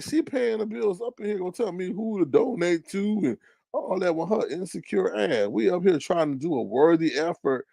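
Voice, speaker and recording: A young man hosts a casual commentary stream, ranting and mocking with a rather high voice that swings wildly up and down. His voice has a gravelly edge, and the sound is dry and close. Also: animated, a little fast, no echo. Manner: loud, profane, mocking rant with big pitch swings. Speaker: commentary show host.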